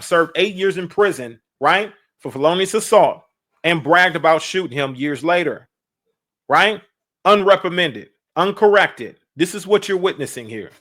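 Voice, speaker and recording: A man talks on his reaction podcast in a fairly high voice for a man. He sounds emphatic and preachy, driving each point home by repeating it and asking the listeners if they follow. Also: a bit bright. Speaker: podcast host reacting on a live stream. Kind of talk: live-stream reaction commentary.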